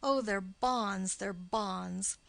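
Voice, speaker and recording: A woman's voice: mid-range voice, vocal fry, no room sound. A woman reading the part of a witty, mocking young nobleman in an audiobook of a play. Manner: quick, punning banter.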